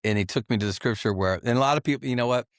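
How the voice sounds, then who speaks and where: A middle-aged man giving a candid personal testimony as a podcast guest, earnest and confessional, halting with many fillers and restarts. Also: mid-range voice, smooth, no room sound, clean studio sound. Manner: halting, full of "you know" fillers and restarts.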